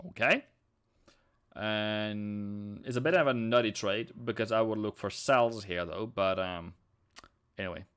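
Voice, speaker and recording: A man's voice: on the low side, measured pace, fairly bright tone, clear, resonant tone. Chatty man streaming live trades. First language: Norwegian. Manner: chatty, reads chat aloud, sings snatches. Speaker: forex trading streamer. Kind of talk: casual live-stream commentary.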